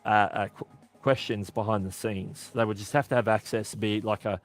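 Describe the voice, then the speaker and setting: An Australian man hosts a casual live-stream Q&A, answering chat questions in a chatty way and often correcting himself mid-sentence. His voice is fairly low with fairly even intonation and a moderate pace. Faint music plays behind him.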